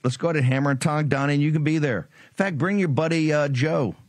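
A man's voice: a little high, quick pace, dry recording. Combative, sarcastic male talk host. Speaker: political talk show host. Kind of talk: combative political monologue.

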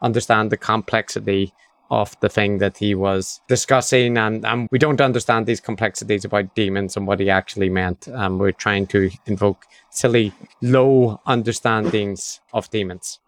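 A man's voice: lowish voice, steady tone, moderate pace, dry recording. A man co-hosting a podcast in casual chat, wry and ironic, often laughing. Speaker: podcast co-host.

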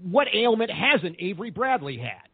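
A man's voice: sits high, big pitch swings, normal speed, slightly rough, no room sound. A man hosting a sports talk podcast, talking in an upbeat, optimistic way. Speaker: podcast host. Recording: phone-like line.

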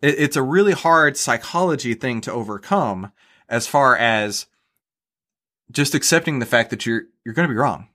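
Guest, male, mid-pitched, casual explainer who repeats words and keeps asking "right?". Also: lively intonation, moderate pace, sharp tone. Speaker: guest, stock trader. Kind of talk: casual podcast interview.

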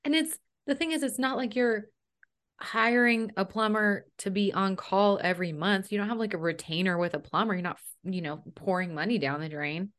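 A woman's voice: mid-range voice, normal speed, a bit bright. Blunt, chatty woman home organizer. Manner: chatty, blunt, swears casually. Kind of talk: casual podcast chat.

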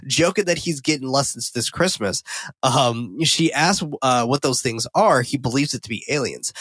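A man co-hosting a podcast, casually recapping a movie scene by scene, swearing freely and getting loud and excited when he jokes. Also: mid-range voice, dry recording. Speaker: podcast co-host recapping a film.

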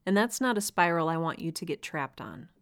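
Solo podcast host, woman, lowish voice, earnest and encouraging. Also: expressive, a little fast, a bit bright. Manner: earnest, encouraging, laughs lightly now and then. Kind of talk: solo podcast talk to writers.

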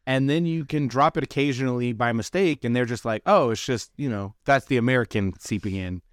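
A man's voice: mid-range voice, dry recording, studio quality. Joking, swearing young man co-host. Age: young adult. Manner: profane, joking, quick to laugh. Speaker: podcast co-host. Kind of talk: casual podcast chat.

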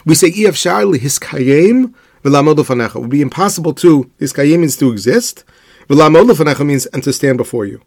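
Man giving a measured religious lesson. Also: a little high, lively intonation, darkish tone, no room sound, studio quality. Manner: measured explanatory delivery, posing rhetorical questions; weaves Hebrew quotations into English. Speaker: Torah teacher. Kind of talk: religious lecture.

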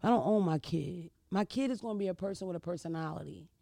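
This vlogger in her thirties talks fast with a fairly low, dark voice and vocal fry, captured at studio quality without room sound. Chatting through her stories, she's blunt and swears freely, often asking the listener "you know what I mean."

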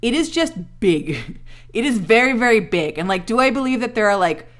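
A woman in her thirties co-hosting a podcast, recapping a TV episode in casual chat, animated, swearing and laughing often. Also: a little high, normal speed. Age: 30s. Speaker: podcast co-host.

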